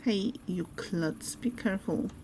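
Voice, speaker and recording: A woman's voice: medium pitch, measured pace, warm tone, slight background noise, natural voice, rough recording. A woman reading aloud the lines of a grumpy injured patient who complains and accuses others of faking. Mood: indignant.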